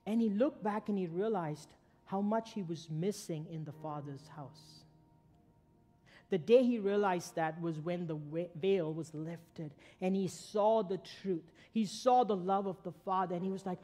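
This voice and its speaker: A man's voice: sits high, normal speed, soft background music. A man preaching a church sermon, retelling a story dramatically with sudden swells and drops in volume. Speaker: pastor.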